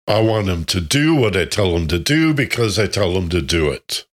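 A man's voice: low voice, big pitch swings, normal speed. A man doing a blunt, defiant young cadet. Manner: stiff, formal and defiant. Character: skeptical young male police cadet, blunt.

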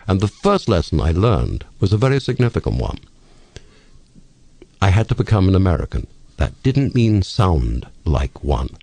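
Older British radio man, low and lively, expressive raconteur. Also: moderate pace, gravelly, no echo. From England. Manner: storytelling, witty, expressive. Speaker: radio talk host, guest. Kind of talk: radio interview. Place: radio studio.

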